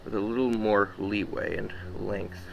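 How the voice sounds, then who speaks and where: A man's voice: lowish voice, flat delivery, vocal fry, noisy background. A man casually reviewing pocket knives, muttering and exclaiming while he carves and cuts. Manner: offhand, mutters while working, quick exclamations. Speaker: knife reviewer. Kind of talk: casual hands-on demo.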